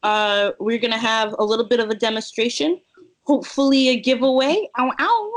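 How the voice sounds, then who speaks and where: A talkative woman speaks in a casual interview, her voice sitting a touch high. She jokes freely and laughs often as she chats. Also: moderate pace, low-quality recording. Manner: laughs often, chatty and joking. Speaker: cosplayer guest.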